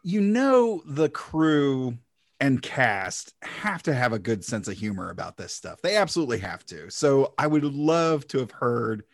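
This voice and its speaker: A man's voice: medium pitch, very animated, a little slow, no room sound, clean studio sound. A man hosting a podcast, asking long, meandering questions in casual chat. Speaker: podcast host.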